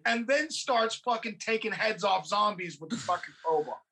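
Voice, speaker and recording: A podcast host retelling a movie scene by scene in a casual, swearing, animated way. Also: mid-range voice, moderate pace, slight background noise. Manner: profane, animated storytelling.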